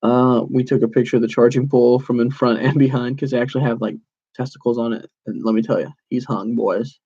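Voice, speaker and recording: A man's voice: mid-range voice, fairly even intonation, fast talker, mellow, dull audio. A young man in his twenties hosting a casual solo podcast, rambling through stories with lots of "like"s and self-corrections. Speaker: podcast host.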